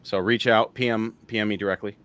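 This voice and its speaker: Male host, low voice, loose rambling chat, laughs often. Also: steady tone, fast talker, fairly bright tone, clear, resonant tone, dry recording. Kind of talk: casual live-stream chat.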